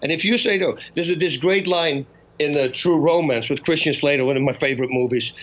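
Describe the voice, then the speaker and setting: A man from the Netherlands with a Dutch accent, a podcast guest telling animated stories and laughing often. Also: fairly high pitch, fairly quick. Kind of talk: casual chat. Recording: slightly muffled lo-fi recording.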